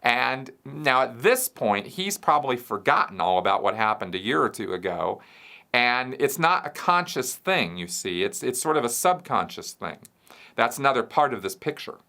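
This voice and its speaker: A man hosts a question show, answering viewer questions in an explanatory solo talk, walking through an idea step by step and checking in with "right?" and "you see". His medium-pitched voice swings widely in pitch, with a creaky, bright, forceful tone at a moderate pace.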